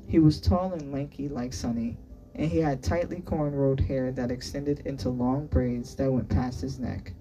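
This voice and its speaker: Slow, dark-toned story reader. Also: medium pitch, distant mic, slight background noise, poor audio. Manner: steady, unhurried narration. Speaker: audiobook reader. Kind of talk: reading a novel aloud.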